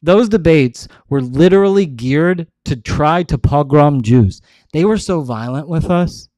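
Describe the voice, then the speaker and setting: A man's voice: on the high side, lively intonation, measured pace, warm tone, no echo. A man hosting his show, talking in a casual, rambling monologue full of restarts. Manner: rambling, restarts often, many "like"s. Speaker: show host.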